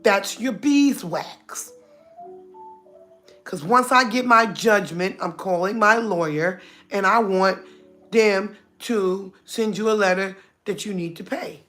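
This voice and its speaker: A middle-aged woman with a drawl chats live to her viewers, blunt and talkative, calling out names and breaking into laughter. Her voice sits at an ordinary middle pitch, with soft music playing faintly behind her. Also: slow pace. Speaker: livestream host. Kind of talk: casual livestream chat.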